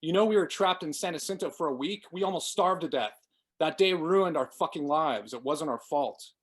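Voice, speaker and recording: A man's voice: fairly high pitch, moderate pace, lightly acted. A man reading aloud, voicing a cornered, bitter woman who lashes out sarcastically. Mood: tearful anger. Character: furious sobbing woman, cornered.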